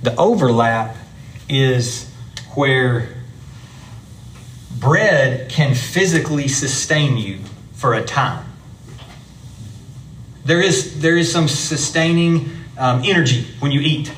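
A man's voice: medium pitch, expressive, slow pace, pauses often, fairly bright tone, slight background noise. A man teaching a church Bible class, explaining things step by step in a chatty way with his students.

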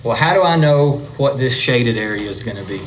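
A man's voice: medium pitch, expressive, fairly quick. A man leads a Bible lesson in a church classroom, talking to his class in an easy, conversational way. His voice sits in a middle range, and there is a faint hum of room ambience behind him. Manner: conversational, explains step by step, chatty with the class.

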